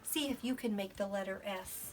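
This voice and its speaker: A middle-aged woman teaching young children, animated and sing-song, sometimes dropping to soft whispers. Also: mid-range voice, moderate pace, a little hiss or hum. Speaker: preschool teacher. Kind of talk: children's lesson and storybook read-aloud.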